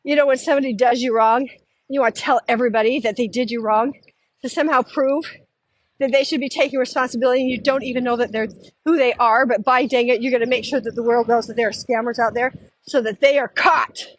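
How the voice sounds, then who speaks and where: A middle-aged woman tells a story in an animated, casual style, stepping into the voices of the people she quotes. Her voice sits high. The sound is dry and close. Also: fast, dry recording. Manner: animated, acts out quoted voices, laughs often. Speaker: podcast host.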